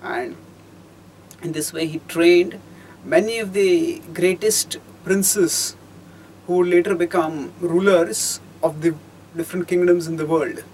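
High-voiced man telling a scripture story. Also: steady tone, darkish tone, slight background noise, poor audio. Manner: measured, explanatory, pausing and rephrasing. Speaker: teacher of scripture. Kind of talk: storytelling lecture.

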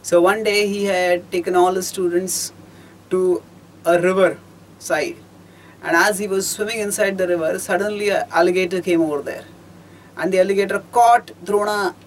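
A man giving a storytelling lecture on scripture, measured and explanatory, pausing often and rephrasing as he goes. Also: sits high, steady tone, a little hiss or hum, low-quality recording. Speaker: teacher of scripture.

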